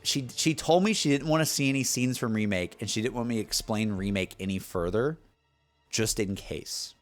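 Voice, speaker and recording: A young man chatting casually with his stream viewers, animated and excitable, with lots of restarts and fillers. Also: fairly low pitch, moderate pace, faint music behind.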